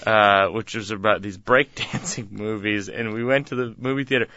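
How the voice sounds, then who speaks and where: A man's voice: on the low side, fairly even intonation, moderate pace, bright, forceful tone, muffled recording, a little hiss or hum. A man from Massachusetts, a guest comedian on a radio interview, telling stories in a laid-back, rambling way with frequent chuckles. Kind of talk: casual interview storytelling.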